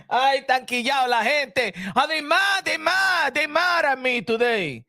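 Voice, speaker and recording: A man hosting a solo boxing talk show, loud and playful, repeating his lines in mock outrage and tossing in Spanish phrases. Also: very high-pitched, animated, a little slow, gravelly, few pauses, dry recording, clean studio sound.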